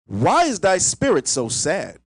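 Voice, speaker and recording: A man reading Bible verses aloud in a steady, formal way. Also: high-pitched, measured pace, breathy edge, dry recording, rough recording. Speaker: scripture reader.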